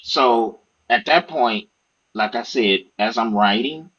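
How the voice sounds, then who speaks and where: A man, an author and podcast guest, telling stories in a casual, profane, animated way and acting out what others said. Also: mid-range voice, slow pace, slightly rough, highs cut off. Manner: animated, profane, acts out quoted speech. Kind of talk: casual storytelling interview.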